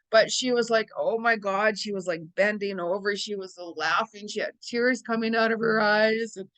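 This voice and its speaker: A woman psychic medium chats straight to her viewers in a loose astrology vlog. She rambles from one thought to the next, laughing often, with a middling pitch. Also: fairly bright tone, poor audio. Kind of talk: casual astrology vlog monologue.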